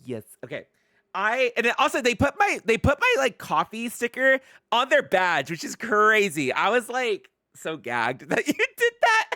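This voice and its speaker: A woman streaming a video game, chatting excitedly with her viewers and laughing often. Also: a little high, moderate pace, no room sound, clean studio sound. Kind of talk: casual live-stream commentary.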